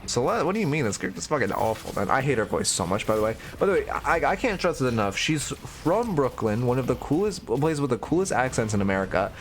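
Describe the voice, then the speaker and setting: A man's voice: medium pitch, very animated, fast, few pauses, faint music behind. A man giving casual live-stream coaching commentary on a video game, blunt and opinionated, swearing freely.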